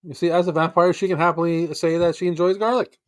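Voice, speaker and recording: A man's voice: on the high side, steady tone, fast talker, no echo, clean studio sound. A man hosting a casual podcast chat, playful and laughing often. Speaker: podcast host.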